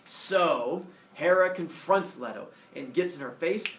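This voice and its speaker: A man's voice: on the high side, unhurried, slight background noise. A man telling a Greek myth as a comic classroom lesson, doing silly voices for the characters. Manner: animated, does silly voices for each character. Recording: echoey room from far off, faint ambience.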